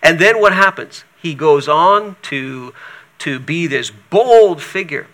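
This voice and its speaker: A man's voice: a little high, animated, slow pace, pushed and bright. A man teaching from the Bible, reading passages aloud and breaking in with casual asides. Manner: reads scripture aloud then adds casual asides.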